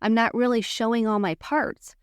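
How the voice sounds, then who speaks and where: A woman's voice: fairly high pitch, fairly even intonation, moderate pace, clear, resonant tone, no room sound. Earnest woman therapist coaching on a podcast. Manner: earnest, coaching, acts out sample phrases. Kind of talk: teaching podcast monologue.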